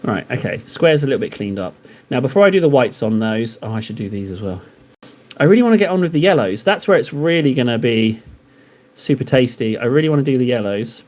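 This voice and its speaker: A man's voice: mid-range voice, expressive, brisk, a little mellow. A man streaming live while painting miniatures, chatting casually and joking in a rambling, self-deprecating way with his viewers. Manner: rambling, joking banter with chat.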